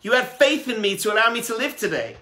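A male rabbi giving a sermon, telling a story with animated delivery that moves between hushed and emphatic. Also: very high voice, quick pace.

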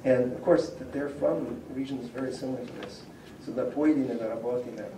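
Steady in tone and fairly quick, a professor of Slavic linguistics uses his mid-range voice to give a conversational public lecture, reading out sample words. The recording, made in a civic centre lecture room, is echoey and distant, with a faint hum.

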